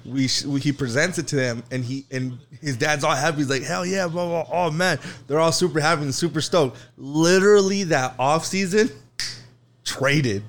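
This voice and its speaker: A man's voice: a little high, moderate pace, fairly bright tone. A man co-hosting a casual podcast chat, building up a story and teasing his friend. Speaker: podcast co-host.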